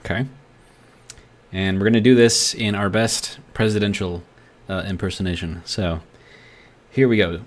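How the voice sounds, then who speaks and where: A man's voice: on the low side, steady tone, normal speed. A man streaming a game live, thinking aloud as he plays and reading out chat messages in a rambling, chatty way. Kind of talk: live gameplay commentary.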